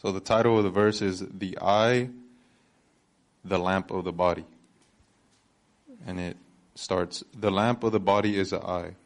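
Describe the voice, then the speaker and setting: A man's voice: low voice, fairly even intonation, unhurried, long pauses. A man reading a Bible passage aloud in a hesitant way. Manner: hesitant, asking where to read. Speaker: scripture reader.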